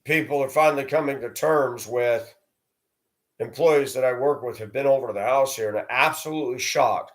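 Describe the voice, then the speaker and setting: A man's voice: mid-range voice, moderate pace. A man talking to the camera in a rambling personal monologue, blunt and sometimes crude. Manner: rambling, blunt, with coarse language. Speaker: vlogger.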